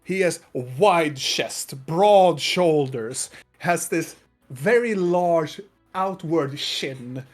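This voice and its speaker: A man narrating a tabletop game as game master, halting with many fillers and restarts. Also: fairly high pitch, expressive, soft background music.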